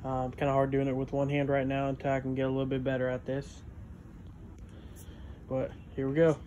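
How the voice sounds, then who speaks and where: Talking while he wrenches on a vehicle at home, this garage vlogger gives a rambling, filler-heavy narration, at times out of breath. His medium-pitched voice is monotone, fairly quick and mellow, and the recording sounds muffled with slight background noise.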